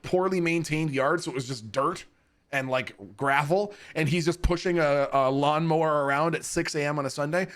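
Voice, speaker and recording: Animated, profane man telling stories. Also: on the high side. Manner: animated, profane, laughing between lines. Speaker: streamer. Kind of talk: casual storytelling to chat. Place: home streaming setup.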